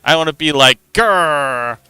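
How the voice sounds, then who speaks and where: Young guy streamer rambling about dice rules, super bright clear voice, giggles a lot. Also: on the high side, animated, unhurried, dry recording. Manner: giggly, rambling with many restarts. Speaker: livestream host. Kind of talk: casual explanation of a tabletop game.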